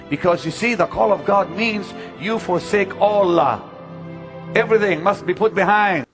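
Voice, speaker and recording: An older man preaching, telling personal stories emphatically and swinging from loud declarations to hushed moments. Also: high-pitched, moderate pace, faint music behind. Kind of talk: sermon-style teaching talk.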